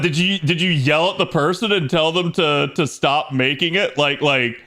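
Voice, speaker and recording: His voice sits on the high side, bright and forceful, at a moderate pace, as he plays a game on stream. He talks casually with viewers, laughing frequently.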